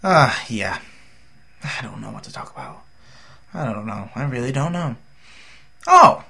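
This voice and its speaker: A man's voice: medium pitch, big pitch swings, a little slow, creaky, bright, forceful tone, husky. A tired young man from the United States rambling through a casual, jokey vlog update as a gaming YouTuber.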